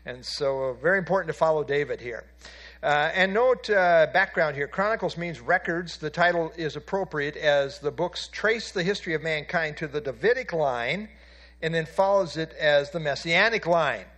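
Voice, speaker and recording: A man's voice: on the high side, moderate pace, fairly bright tone. A man teaching a Bible class, explaining from handout pages and asking his listeners questions, with frequent "uh" fillers.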